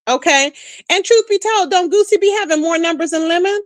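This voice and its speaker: A woman hosting a casual livestream, gossiping with viewers in an animated, chatty way and calling them "child" and "boo". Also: very high voice, fairly quick, no echo, studio quality. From Texas.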